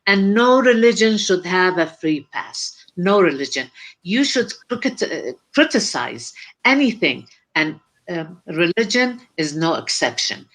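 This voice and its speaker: A woman speaks slowly in a lower voice on an online panel. She hesitates often and fills her pauses, yet states her views firmly. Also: big pitch swings, a bit bright. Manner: hesitant, many fillers, firm. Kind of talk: live online discussion.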